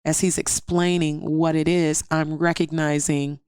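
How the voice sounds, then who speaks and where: A woman's voice: low voice, level tone, unhurried, a little mellow, clear, resonant tone, no echo, clean studio sound. A woman guest telling a personal story in an interview, earnest and step by step, acting out what others said. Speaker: podcast guest.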